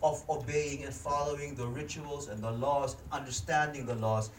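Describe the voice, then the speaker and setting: A man's voice: medium pitch, steady tone, normal speed, slight background noise. A man with a Filipino accent preaching a sermon, joking and chatting with the congregation as he teaches. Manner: jokey, switches between English and Tagalog, interacts with congregation. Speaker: pastor. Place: church hall. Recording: echoey hall, speaker far from mic.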